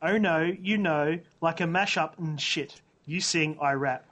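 A man reading the part of a brash, slangy male rapper in a comic read-through, flatly speaking the punctuation aloud. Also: on the high side, a little slow. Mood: deadpan. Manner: reads out punctuation deadpan.

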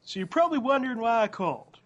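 A man reading the part of a brash, slangy male rapper in a comic read-through, flatly speaking the punctuation aloud. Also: extremely high pitch, quick pace, highs cut off, voice pushed up, heavily acted. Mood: deadpan. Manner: reads out punctuation deadpan.

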